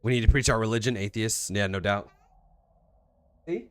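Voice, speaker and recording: A man's voice: on the low side, normal speed, fairly bright tone, smooth, no echo. A man giving casual, joking commentary while playing a video game, rambling and laughing often. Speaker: streamer.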